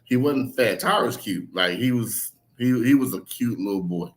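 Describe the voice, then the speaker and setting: A man's voice: on the low side, moderate pace. A middle-aged man, an author being interviewed, telling personal stories frankly and acting out other people's words as he goes. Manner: frank and animated, acts out others' words, swears casually, laughs. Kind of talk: candid conversational storytelling.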